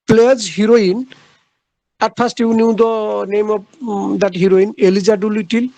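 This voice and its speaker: A man lectures on literature in a high-pitched voice with a rough, gravelly edge. He works through his points haltingly, filling gaps with "uh" and restating each idea. The sound is close and dry, with no room echo. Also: little pitch movement, mellow. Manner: halting, repeats key phrases, frequent "uh" pauses. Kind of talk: classroom lecture.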